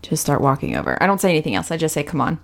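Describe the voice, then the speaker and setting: Woman player in a tabletop game, thinking out loud about her character. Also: low-pitched, huge pitch swings, rapid-fire.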